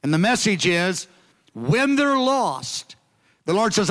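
A man's voice: sits high, big pitch swings, a bit bright. Emphatic older man preaching in a hall. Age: 60s. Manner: earnest, emphatic, slows down to stress key phrases. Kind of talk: sermon to young people. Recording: long hall reverb.

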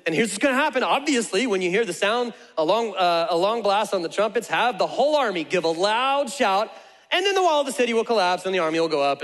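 Male pastor, high voice, lively comic storyteller, long echo of a big church hall. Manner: animated storytelling, playfully acts out characters. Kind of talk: sermon.

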